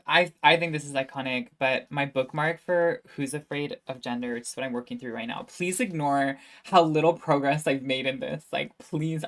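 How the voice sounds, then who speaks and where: Low-voiced young woman chatting on stream. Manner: chatty and self-mocking, laughing often. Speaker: streamer answering viewer questions. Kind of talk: casual livestream chat.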